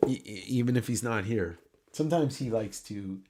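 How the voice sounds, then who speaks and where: Speaking at normal speed, a man with a lowish, darkish voice hosts a livestream giveaway, and a little hiss or hum can be heard. His nasal, casual chatter rambles along with jokes and plenty of swearing.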